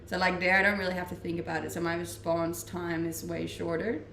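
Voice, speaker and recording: A young woman from Denmark who speaks English with a Danish accent, chatting casually as a livestreamer and answering viewer messages in a relaxed way, laughing often. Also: lowish voice, a little fast, creaky. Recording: echoey room with faint ambient noise.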